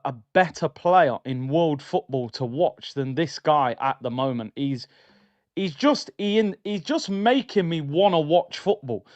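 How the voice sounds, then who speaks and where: A man hosting a casual football talk stream, chatty and excitable, full of slang, talking straight to his viewers. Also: fairly high pitch, dry recording, muffled recording. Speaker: football channel host.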